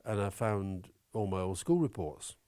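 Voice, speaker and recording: A man talking as an interview guest, opinionated and animated, swearing now and then. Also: on the low side, a little slow. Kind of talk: conversational interview.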